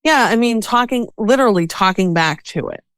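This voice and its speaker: A woman talking as a podcast guest about self-care, animated, sometimes acting out voices in her head as quotes. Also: a little high, brisk, clean tone, no room sound. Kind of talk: conversational interview.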